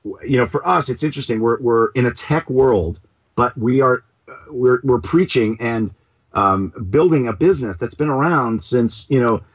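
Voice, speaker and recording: A man talking as a startup co-founder in an interview. He is animated and keeps restarting his sentences, and he throws in comic asides. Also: medium pitch, moderate pace, breathy edge. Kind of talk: casual interview talk.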